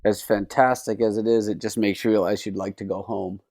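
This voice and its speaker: A man's voice: on the low side, little pitch movement, brisk, darkish tone, dry recording. A man co-hosting a podcast in casual chat, chiming in with dry one-liners and references. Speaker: podcast co-host.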